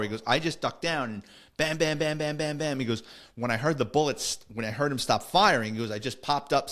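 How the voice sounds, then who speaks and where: A man's voice: mid-range voice, fairly bright tone. A man, a podcast host and former police officer, telling a war story in a blunt, streetwise, matter-of-fact way. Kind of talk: casual storytelling.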